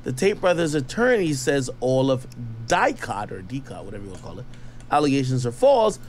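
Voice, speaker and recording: An online commentator, a man, reads news reports aloud and breaks into chatty, skeptical, slangy asides. His medium-pitched voice is sing-song, fast and a little mellow, with slight background noise.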